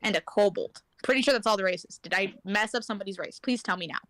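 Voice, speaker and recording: A woman's voice: mid-range voice, quick pace, fairly bright tone, no room sound. A woman running a tabletop game as game master, narrating in a casual, rambling way with many fillers and restarts.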